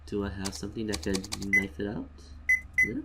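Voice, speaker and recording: A man giving casual, joking game commentary, swinging between mumbles and loud outbursts. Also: on the low side, little pitch movement, moderate pace, gravelly, heavy background noise. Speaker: let's play gamer.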